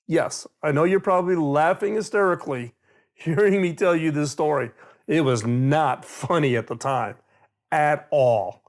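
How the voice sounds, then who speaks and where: A middle-aged man giving an animated storytelling talk on innovation, acting out quoted dialogue. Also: on the high side, measured pace. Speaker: speaker on innovation.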